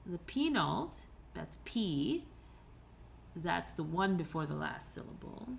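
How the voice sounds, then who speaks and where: A woman's voice: fairly low pitch, sing-song, slow pace, gravelly, a little hiss or hum. A woman giving a recorded tutorial lecture, explaining patiently step by step with occasional fillers and self-corrections. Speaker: teacher.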